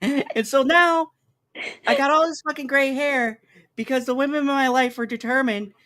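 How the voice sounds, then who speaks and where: A man's voice: very high-pitched, steady tone, normal speed, pushed and bright. Profane, exasperated middle-aged man ranting. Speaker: stream host. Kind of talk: casual chat.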